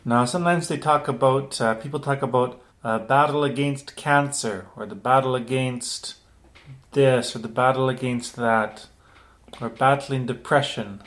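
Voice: mid-range voice, unhurried, a bit bright. A radio show host learning a language on air, playfully asking how to say everyday phrases.

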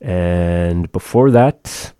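Deep-voiced man hosting a radio language segment. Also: mellow, clean tone, no room sound, clean studio sound. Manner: slow, careful repetition of phrases. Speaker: radio host teaching language phrases. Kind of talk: casual radio talk with language lesson. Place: radio studio.

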